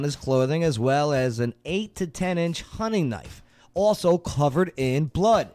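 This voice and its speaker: A man's voice: fairly high pitch, animated, a little slow, a little mellow, faint music behind. A man hosting a radio show, reading odd news stories and teasing his co-hosts in casual banter. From New Jersey. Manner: playful, jokey, teasing co-hosts.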